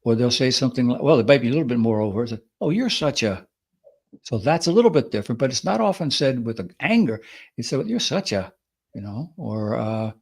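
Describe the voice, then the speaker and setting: Man explaining with lively acted quotes. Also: mid-range voice, fast talker. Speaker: podcast co-host. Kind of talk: conversational advice talk.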